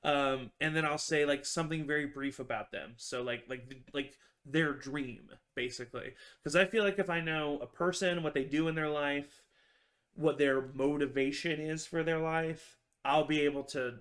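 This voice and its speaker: A man's voice: fairly high pitch, moderate pace, fairly bright tone. A man, a tabletop game master, chatting casually on a video call, rambling with many fillers and restarts.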